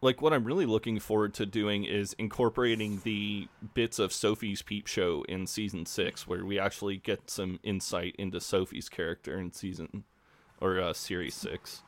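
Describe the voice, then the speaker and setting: A man's voice: on the low side, fairly even intonation, normal speed. A man with a Midwestern American accent, co-hosting a casual podcast in a laid-back, rambling way. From Midwestern United States. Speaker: podcast co-host.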